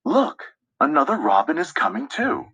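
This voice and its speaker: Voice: medium pitch, huge pitch swings, normal speed, creaky, a bit bright, slightly rough, no echo. A reader giving a children's picture-book read-aloud in a sing-song way, imitating the bird calls. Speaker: storybook reader.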